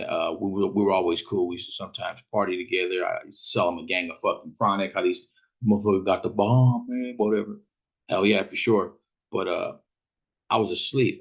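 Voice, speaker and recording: A man's voice: sits low, gravelly, husky. A man from Fresno, California, hosting a podcast and telling a story in a casual, rambling way, full of profanity and street slang. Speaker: podcast host.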